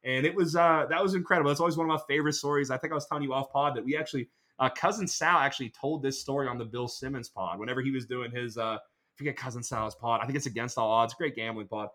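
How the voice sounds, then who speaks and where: A man in casual podcast chat, telling a rambling, animated story. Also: mid-range voice, fast talker.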